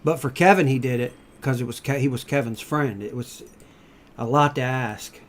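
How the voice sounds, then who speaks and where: A middle-aged man with a mid-range voice speaks at normal speed in casual chat. He tells rambling stories, swears freely, and grows loud when excited.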